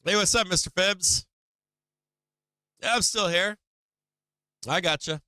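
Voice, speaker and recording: A man's voice: high-pitched, slow pace, bright, forceful tone, clean tone, dry recording, clean studio sound. A man hosting a casual live stream, swearing a lot, taunting and gleeful, sometimes breaking into a sing-song carnival barker call.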